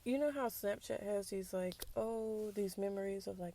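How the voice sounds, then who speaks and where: A woman's voice: medium pitch, moderate pace, mellow. A young adult woman talking candidly and with some sass in a casual personal monologue, sometimes dropping to a whisper for asides. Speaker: podcast host.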